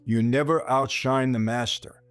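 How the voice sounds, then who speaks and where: A man's voice: mid-range voice, fairly even intonation, measured pace, clear, resonant tone, no room sound. A man hosting a podcast, telling a personal story straight to his listeners and acting out the dialogue. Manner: speaks straight to listeners, calling them "people"; retells scenes by acting out quoted dialogue. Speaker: podcast host. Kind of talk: storytelling monologue.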